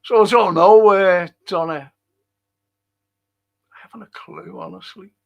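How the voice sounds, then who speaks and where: A man's voice: high voice, a little slow, vocal fry, muffled recording. A man, older, hosting a podcast in casual rambling talk and chuckling through his stories. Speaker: podcast host.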